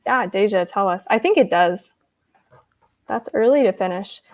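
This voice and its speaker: Animated and at normal speed, a young woman with a mid-range voice hosts a casual livestream chat. She reads the live chat, giggling and rambling, with "like" filling her speech.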